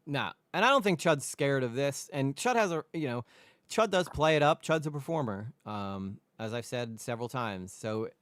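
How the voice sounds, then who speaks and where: A man hosting a casual commentary stream, rambling with restarts and sudden animated jumps in pitch. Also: moderate pace, clean tone, no echo. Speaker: host.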